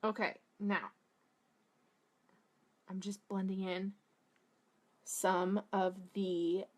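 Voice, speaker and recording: A woman's voice: mid-range voice, flat delivery, drawn-out words. A young woman from Massachusetts with a Boston-area accent, chatting casually through a makeup tutorial and rambling off on tangents with lots of "like". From Massachusetts, USA. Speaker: beauty vlogger.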